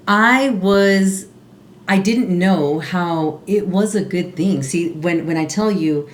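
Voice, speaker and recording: A woman's voice: lowish voice, slight background noise. A woman co-hosting a podcast, telling her own story in an earnest, confessional way with many restarts. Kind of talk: casual podcast conversation. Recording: roomy echo.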